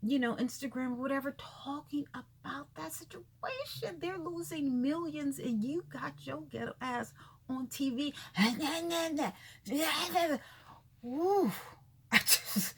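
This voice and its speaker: A woman's voice: sits high, a bit bright. A woman vlogging her blunt, exasperated commentary on celebrity gossip, repeating herself as she talks.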